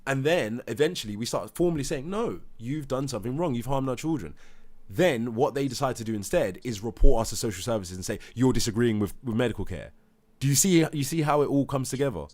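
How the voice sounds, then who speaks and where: A man's voice: mid-range voice, expressive, a little fast, darkish tone. A man, a father, talks heatedly in a live debate, acting out others' words and swearing. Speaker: parent telling his story.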